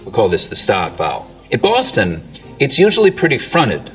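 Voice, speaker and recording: Lively low-voiced expert. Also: male voice, normal speed. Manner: lively, teacherly, demonstrates accents. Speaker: accent expert narrator. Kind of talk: explanatory video presentation. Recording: distant audio with faint music.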